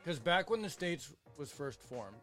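A man's voice: on the high side, very animated, measured pace, fairly bright tone, faint music behind. A man, explaining his opinions at length in a casual podcast chat. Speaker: podcast co-host.

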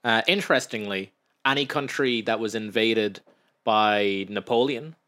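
Chatty young Irish man, low voice. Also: a little slow, pushed and bright. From Ireland. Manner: chatty storyteller, acts out quotes in raised voices. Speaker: podcast co-host. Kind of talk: casual chat.

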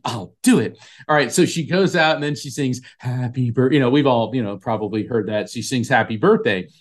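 A man in an interview spins a long anecdote. His voice sits at a middle pitch, and he brings quoted people to life as he goes. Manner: animated storyteller acting out quoted voices. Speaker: psychic medium guest. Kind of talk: storytelling in an interview.

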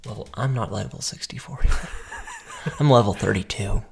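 A man's voice: lowish voice, normal speed, gravelly. A young man co-hosting a casual podcast, telling rambling work stories, laughing often and sometimes losing his words. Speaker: podcast co-host. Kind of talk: casual chat.

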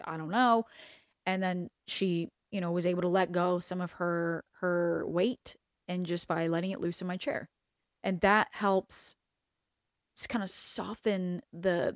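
A woman's voice: lowish voice, no room sound, clean studio sound. A young adult woman, a hair stylist hosting an advice talk, speaking bluntly and candidly with plenty of swearing. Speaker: podcast host and hair stylist.

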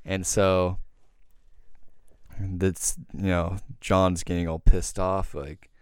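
Deep, smooth-voiced man telling a rambling story. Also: level tone, takes it slowly, no room sound, clean studio sound. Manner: rambling, profane, heavy filler words. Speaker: podcast host. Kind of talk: casual storytelling.

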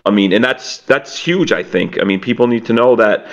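A man's voice: lowish voice, normal speed, lo-fi sound. A man hosting a casual podcast interview, encouraging and complimentary toward his guest. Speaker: podcast host.

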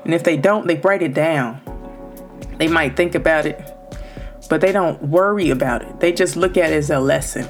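Low-voiced woman podcasting loud and direct, aave, faint music under her. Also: normal speed. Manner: loud, emphatic and direct, speaking straight to listeners. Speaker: podcast host. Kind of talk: motivational podcast talk.

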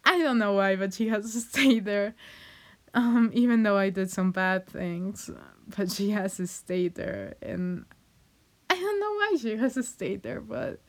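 A woman's voice: medium pitch, animated, measured pace. A young woman speaking in an emotional, hesitant way, often breaking into nervous laughs and using lots of fillers as she talks to her viewers. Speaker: vlogger. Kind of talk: personal heartfelt monologue.

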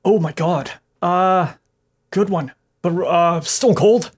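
A man's voice: high-pitched, slow pace, breathy edge. A man chatting casually about movies and shows, eager and repeating himself, laughing at his favorite lines. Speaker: co-host talking about movies. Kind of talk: casual chat.

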